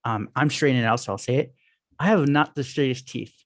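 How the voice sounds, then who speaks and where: A man of middle pitch talks casually as a podcast guest. He rambles and restarts as he tells his stories. The sound is dry and close. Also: dry recording. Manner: rambling, storytelling, quick restarts. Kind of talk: casual interview chat. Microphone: video call on phone.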